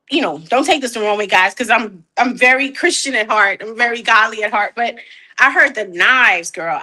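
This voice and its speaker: A woman, a guest artist chatting in an interview, animated and laughing often, repeating words as she talks. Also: mid-range voice. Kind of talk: casual interview chat.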